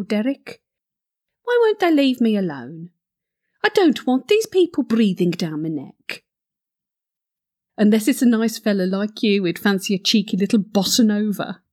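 A woman's voice: medium pitch, a little mellow. A woman playing a flirty gossip. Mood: flirtatious. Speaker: comic monologue character. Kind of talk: comic character monologue.

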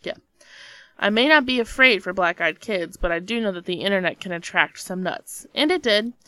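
Bright-voiced woman reading a spooky tale. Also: mid-range voice, expressive, normal speed, no room sound. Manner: dramatic storytelling that breaks into nervous laughter. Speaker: podcast co-host. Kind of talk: reading a scary story aloud.

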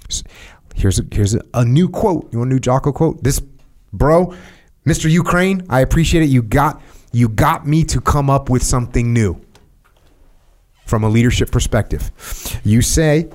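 A man's voice: medium pitch, moderate pace, darkish tone. A middle-aged man hosting a podcast, giving leadership advice in a casual, emphatic way and repeating his points to drive them home. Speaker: podcast host.

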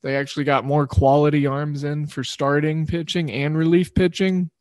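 A man's voice: a little high, little pitch movement, moderate pace, a little mellow, dry recording, clean studio sound. A man hosting a sports betting show, rambling loosely through picks and correcting himself as he goes. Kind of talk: casual sports betting talk.

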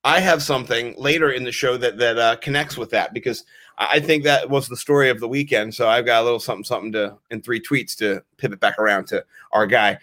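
A man in his thirties co-hosting a podcast, telling rambling, animated stories in casual chat with some swearing. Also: medium pitch, quick pace. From Maryland, US. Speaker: podcast co-host.

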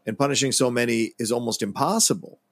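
A man's voice: mid-range voice, fast, dry recording. A man co-hosting a podcast, talking about a film in a reflective and earnest way. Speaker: podcast co-host. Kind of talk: casual film discussion.

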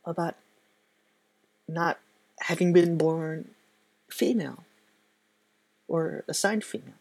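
Woman, personal testimony; soft-spoken, halting, reflective, and very slow-paced. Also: on the low side, no echo. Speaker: speaker sharing a faith testimony.

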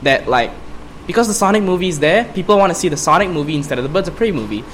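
A man's voice: on the high side, expressive, fairly bright tone, a little hiss or hum. A man co-hosting a casual film review podcast, joking and swearing between laughs. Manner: laughing, profane, quick banter. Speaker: podcast co-host.

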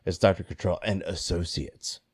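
A man's voice: low-pitched, fairly even intonation, moderate pace. A man in casual chat, blunt and swearing often.

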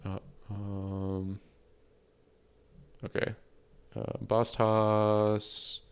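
A man with a low, smooth, resonant voice hosts a livestreamed podcast in casual chat. He reads out viewer questions and laughs often. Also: completely flat delivery, extremely slow. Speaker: podcast host.

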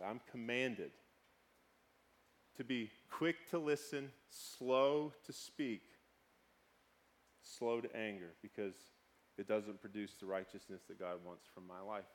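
A male pastor in his thirties preaching a conversational sermon, swinging between sudden loud outbursts and quiet, hushed passages. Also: medium pitch.

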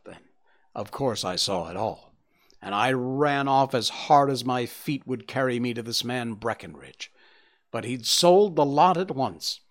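A man playing a desperate, frightened man confessing how he stole, in an audiobook reading. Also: mid-range voice. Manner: agitated, pleading storytelling.

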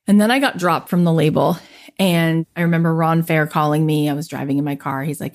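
Her voice sits low with vocal fry, and her pace is fairly quick. She's in her thirties, a podcast guest telling her life story in an interview, animated as she acts out the quoted voices of people who spoke to her.

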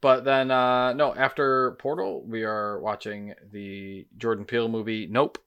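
A man's voice: fairly low pitch, steady tone, measured pace, fairly bright tone, clear, resonant tone. A man co-hosting a podcast in casual chat, laid-back as he goes through the schedule. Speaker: podcast co-host.

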